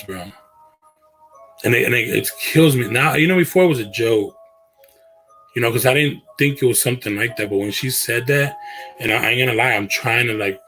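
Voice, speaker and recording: A man with a fairly low, bright voice speaks forcefully in a rough recording. He hosts a casual livestream from his bedroom, addressing viewers in earnest, slangy talk that often trails off and starts over.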